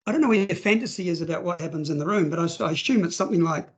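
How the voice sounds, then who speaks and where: A man leads a webinar for foster carers over a video call. His voice sits high for a man, and he talks conversationally with plenty of ums and uhs, often acting out little scenes. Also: rapid-fire, highs cut off. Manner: conversational, acts out scenarios, frequent fillers. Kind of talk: webinar presentation.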